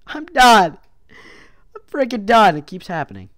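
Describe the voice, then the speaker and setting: Woman doing let's play commentary, lively swooping pitch, unhurried delivery, yelps and whoops, voice going hoarse. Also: no echo, clean studio sound. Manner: excitable, yelps and whoops, mild cursing. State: losing her voice. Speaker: gaming YouTuber.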